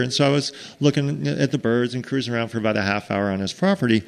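A man's voice: mid-range voice, fast talker, gravelly, few pauses. A man with an American accent telling a casual travel story, rambling with restarts and acting out what people said. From United States. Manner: animated, rambling with restarts, acts out quotes.

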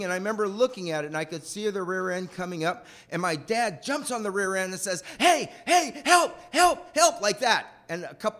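A man telling a personal childhood story in a rambling, animated way. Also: high voice. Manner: animated, rambling, acts out voices.

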